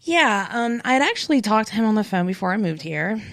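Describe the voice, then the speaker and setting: Gravelly-voiced West Virginian woman, thirties. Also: medium pitch, brisk. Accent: West Virginian with a light Southern drawl. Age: 30s. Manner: animated storyteller, acts out quotes. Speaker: guest. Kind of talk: casual interview chat.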